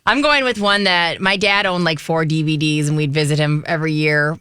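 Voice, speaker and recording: A woman's voice: sits low, brisk, bright, forceful tone, clean tone, dry recording, clean studio sound. A woman co-hosting a casual radio show chat, chatty and fond of telling stories. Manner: chatty and storytelling. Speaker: co-host.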